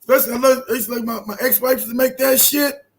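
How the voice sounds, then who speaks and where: A man hosting a casual podcast chat, joking loudly and slipping into shouted scolding voices. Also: very high-pitched, steady tone, fast talker. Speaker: host.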